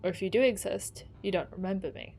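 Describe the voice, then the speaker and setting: Woman reading out a young 1940s woman's love letters, tender, mid pitch, plain reading. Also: quick pace, gravelly, darkish tone, husky. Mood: longing. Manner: reading aloud, tender then resigned. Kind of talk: reading game letters aloud.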